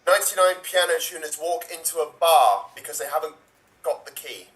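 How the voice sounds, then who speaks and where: A man telling jokes as an improv player, laughing and animated. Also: a little high, fairly quick. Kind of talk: casual joke telling.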